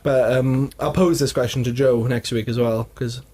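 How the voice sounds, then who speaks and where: Guy on a podcast, husky voice, keeps cracking up at his own stories. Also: mid-range voice, fairly even intonation, moderate pace, dark tone. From Wales. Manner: laughs often, tells stories. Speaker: podcast co-host. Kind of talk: casual chat.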